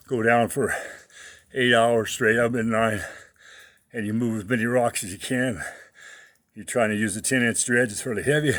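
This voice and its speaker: A slightly out-of-breath man talking casually to camera about his workout, rambling with many fillers. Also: medium pitch. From United States. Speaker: fitness vlogger.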